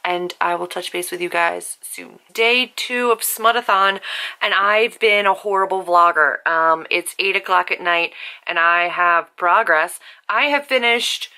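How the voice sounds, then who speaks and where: Young female book vlogger, animated and gushing, crisp bright voice, home bedroom. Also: on the low side. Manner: gushing and animated, quick asides, lots of "like". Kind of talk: casual vlog chat.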